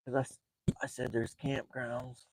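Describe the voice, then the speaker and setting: A man live-streaming a night fishing trip from a small boat, talking in an excited, rambling way and breathing heavily. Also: mid-range voice, unhurried, no echo, rough recording. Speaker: fishing vlogger. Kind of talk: live outdoor fishing vlog.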